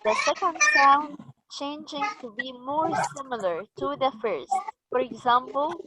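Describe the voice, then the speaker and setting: Slow, patient woman trainer. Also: high voice, sharp tone, a little hiss or hum, rough recording. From Egypt. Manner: patient, questioning, prompting the group. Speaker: teacher trainer. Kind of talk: teaching a training session.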